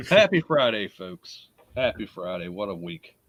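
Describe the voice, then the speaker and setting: A man's voice: fairly low pitch, big pitch swings, measured pace, fairly bright tone, dry recording. A man with a Baltimore accent hosting a live podcast in a casual, chatty way, greeting listeners by name and laughing often. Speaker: podcast host.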